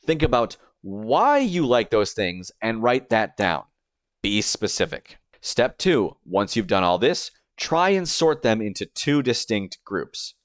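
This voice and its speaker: A man's voice: lowish voice, very animated, slow pace, dry recording. Man narrating a dry video essay. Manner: explanatory, step-by-step. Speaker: streamer and YouTuber.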